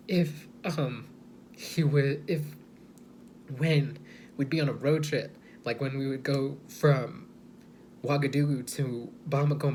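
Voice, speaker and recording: Slow, hesitant, soft-spoken man. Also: mid-range voice, slight background noise. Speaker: vlogger. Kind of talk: personal video monologue.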